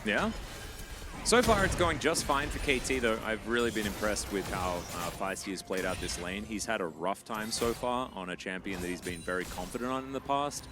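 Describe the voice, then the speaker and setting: A man with an Australian accent casting a live esports match in jokey, animated banter. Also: on the low side, moderate pace. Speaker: esports caster. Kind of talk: live play-by-play commentary. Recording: music in background.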